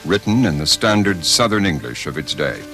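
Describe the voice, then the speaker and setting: A man with a very deep voice narrates a documentary in measured, scripted sentences. His pitch moves widely as he leans on key words. Soft music sits under the narration. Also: sing-song.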